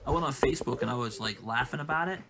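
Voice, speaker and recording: A man's voice: medium pitch, rapid-fire, creaky. A man co-hosting a casual chat podcast, rambling through profane stories. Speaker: podcast co-host. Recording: steady background noise.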